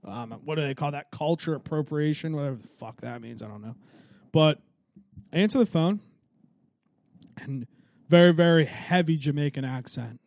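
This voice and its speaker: Joking, swearing young man, higher voice. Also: moderate pace, vocal fry, long pauses, darkish tone, dry recording. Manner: joking, profane, self-mocking. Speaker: podcast host. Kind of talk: casual solo podcast storytelling.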